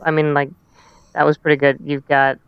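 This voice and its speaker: A man's voice: a little high, monotone, normal speed, clear, resonant tone, no room sound, lo-fi sound. A man co-hosting a casual gaming podcast who makes his case with leading questions. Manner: argumentative, asks leading questions. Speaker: podcast co-host. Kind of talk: casual chat.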